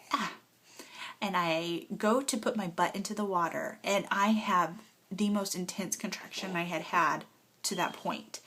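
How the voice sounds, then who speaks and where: A woman's voice: on the low side, fairly bright tone. A young woman telling her birth story as a casual home vlog, emotional and rambling with lots of fillers, holding a nursing baby as she talks. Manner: emotional, rambling with many fillers, tearful at times.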